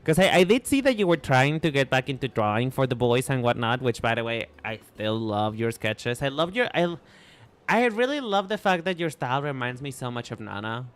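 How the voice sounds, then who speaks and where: A man's voice: mid-range voice, very animated, fairly quick, smooth. A man with a Mexican accent, a native Spanish speaker, chatting casually on a live stream in a playful, rambling way full of restarts. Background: faint music.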